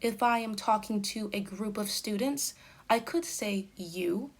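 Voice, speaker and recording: Slow, careful woman teaching grammar. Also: mid-range voice. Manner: slow, careful, deliberate delivery of example sentences. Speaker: English teacher. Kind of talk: slow explanatory grammar lesson.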